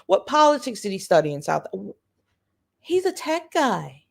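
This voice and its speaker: On her livestream, a woman with a slightly high, creaky voice talks a little slowly with big swings in pitch. Her political commentary is blunt, sarcastic and profane, and she repeats phrases for emphasis.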